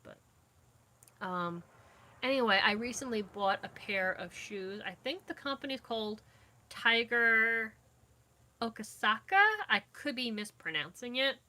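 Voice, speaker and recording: Recording on her phone in a dim home, this young vlogger rambles through a casual live chat with viewers and keeps losing her train of thought. She speaks a little high and a little slow, in a pushed, bright voice.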